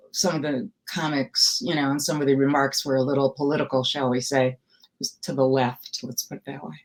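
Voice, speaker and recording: An older woman from Milwaukee, a comedy writer, telling wry, self-deprecating anecdotes in a casual interview. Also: deep voice. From Milwaukee, USA.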